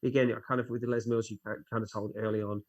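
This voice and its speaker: Animated man telling stories. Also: fairly low pitch, racing, highs cut off. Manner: animated storyteller who acts out his own inner voice. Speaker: fitness instructor guest. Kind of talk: casual interview chat.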